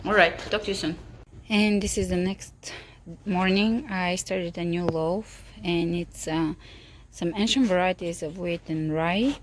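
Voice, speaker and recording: Woman home baker, low-pitched, eager and chatty, echoey kitchen with faint background noise. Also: fairly even intonation, a little slow. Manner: enthusiastic, chatty, tasting as she talks. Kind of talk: casual cooking vlog.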